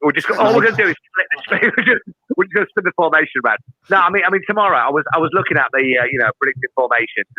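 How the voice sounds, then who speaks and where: A man's voice: a little high, lively intonation, rapid-fire, bright, forceful tone, husky, dry recording, lo-fi sound. A man from Scarborough, a rival fan on a video call, teasing the hosts in casual banter. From Scarborough, England. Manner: mocking, puts on silly voices to tease.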